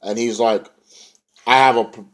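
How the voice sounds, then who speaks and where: A man's voice: medium pitch, fairly even intonation, normal speed, a little hiss or hum. A young man casually recapping a wrestling show, rambling in slang and now and then mimicking the wrestlers. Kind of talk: casual recap, retelling a show with quoted voices.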